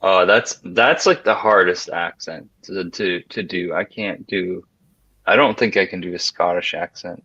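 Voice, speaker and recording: A man co-hosting a podcast in casual chat, deadpan and hesitant, pausing often on fillers. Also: low voice, breathy edge, dry recording. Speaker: podcast co-host. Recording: dull lo-fi sound.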